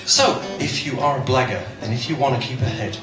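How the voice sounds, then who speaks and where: A man's voice: mid-range voice, brisk. A man performing a silly comic song with banter, belting the chorus playfully. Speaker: musical comedian. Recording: distant mic, roomy echo, loud guitar.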